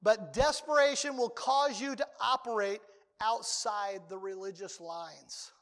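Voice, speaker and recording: An older man preaching a sermon as a pastor, talking conversationally and breaking into sudden loud outbursts. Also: high-pitched, a little slow, in a large hall.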